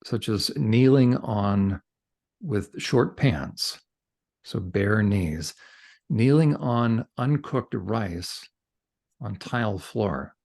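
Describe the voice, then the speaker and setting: Low, gravelly, husky-voiced man telling a story. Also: drawn-out words. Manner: animated storyteller, talks with his hands. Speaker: counselor, podcast guest. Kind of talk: storytelling in conversation.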